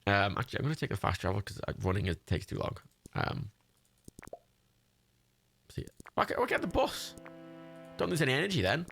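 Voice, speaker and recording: Gravelly, lively English gamer. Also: male voice, mid-range voice, brisk, long pauses, soft background music. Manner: rambling, sweary, laughs often. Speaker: livestreamer. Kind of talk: casual let's-play commentary.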